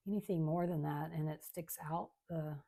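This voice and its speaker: Low-voiced, gravelly woman chatting. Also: steady tone, moderate pace. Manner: chatty, rambling, soft-spoken. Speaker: craft channel host. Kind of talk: casual chat while crafting. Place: home craft room.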